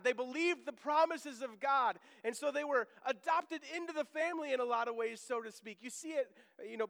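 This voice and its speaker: A man's voice: very high voice, fairly bright tone. A middle-aged man preaching as pastor in a church sanctuary, chatty and joking, then bursting into emphatic proclamation. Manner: conversational preaching with humorous asides and emphatic outbursts. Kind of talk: sermon. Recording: long church reverb.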